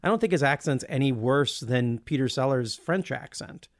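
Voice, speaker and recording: A man's voice: medium pitch, lively intonation, moderate pace, dry recording, clean studio sound. A man co-hosting a podcast, rambling enthusiastically with many restarts. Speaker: podcast co-host. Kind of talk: casual chat.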